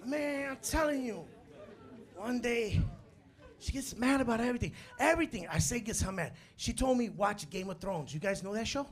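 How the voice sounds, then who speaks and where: A male stand-up comedian on a club stage, acting out scenes and shouting punchlines, with Spanish words mixed in. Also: very high voice, expressive, normal speed. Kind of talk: live stand-up set. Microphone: handheld stage mic. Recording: live club recording with crowd noise. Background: laughing audience.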